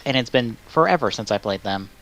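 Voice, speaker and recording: A man hosting a live stream in casual chat, rambling with lots of filler words and swearing, and breaking into loud exasperated outbursts. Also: mid-range voice, expressive, brisk, faint music behind. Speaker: stream host.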